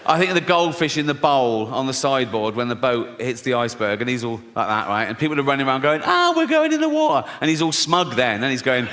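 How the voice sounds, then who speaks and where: A man's voice: medium pitch, fast talker, hardly any pauses. Male comic, profane and mocking, live on a theatre stage with a long echo. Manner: profane, mocking, laughs at his own jokes. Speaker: stand-up comedian. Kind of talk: stand-up routine. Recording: live hall with loud crowd laughter.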